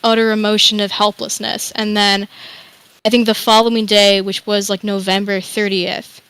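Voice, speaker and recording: A woman's voice: medium pitch, level tone, normal speed, fairly bright tone, smooth, no echo, rough recording. A young woman guest telling a candid, rambling personal story, sometimes swearing. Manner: rambling, emotional, swears freely. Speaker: interview guest.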